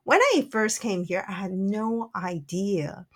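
A woman who works as a spiritual channeler, telling a personal story in a soft, earnest way with frequent "like" fillers. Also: medium pitch, animated, takes it slowly.

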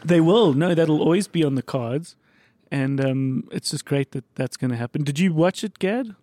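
A man hosting a podcast, chatting in a relaxed, reflective way. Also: on the high side, normal speed, no echo. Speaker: podcast host. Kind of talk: casual podcast chat.

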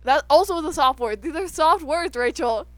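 A woman's voice: high voice, animated, normal speed, dry recording. A woman co-hosting a casual podcast, playful and laughing often, swearing freely. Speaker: podcast co-host. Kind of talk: casual chat.

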